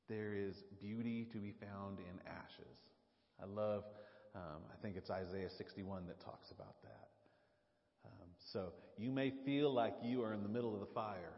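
Southern man preaching in a reverberant church. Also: fairly low pitch. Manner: casual, chatty, self-interrupting. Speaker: pastor. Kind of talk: sermon. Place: church sanctuary. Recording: muffled live recording in a reverberant hall.

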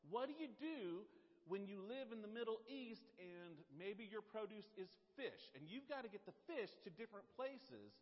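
A middle-aged male pastor preaching a sermon, telling self-mocking stories in an animated way. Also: high-pitched, moderate pace. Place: church sanctuary. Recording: dull sound in a reverberant hall.

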